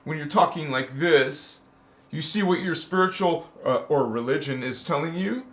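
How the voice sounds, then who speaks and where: A man's voice: on the high side, normal speed, a bit bright, echoey room. A man giving a spiritual teaching monologue, preaching in an emphatic, repetitive way.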